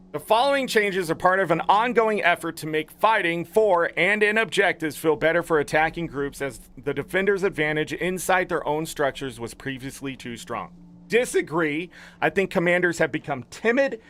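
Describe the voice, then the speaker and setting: A man's voice: fairly high pitch, a bit bright. A man giving blunt, opinionated commentary on game patch notes as a gaming content creator, swearing freely.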